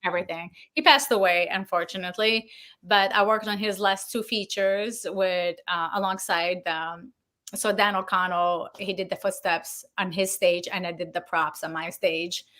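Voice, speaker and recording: A woman Foley artist telling stories as an interview guest, animated and laughing, acting out the voices of the people she quotes. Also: lowish voice, moderate pace. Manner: animated, acts out quoted dialogue, laughs often. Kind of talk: casual interview storytelling.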